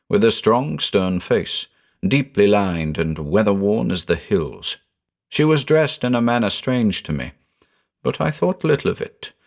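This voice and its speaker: A man giving a measured, brooding scripted narration of a horror story. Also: low-pitched, creaky.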